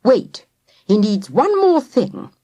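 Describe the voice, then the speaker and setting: A woman reading the part of a brisk, bossy aunt. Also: on the high side, big pitch swings, dark tone, dry recording, lo-fi sound, voice pushed up, full character voice.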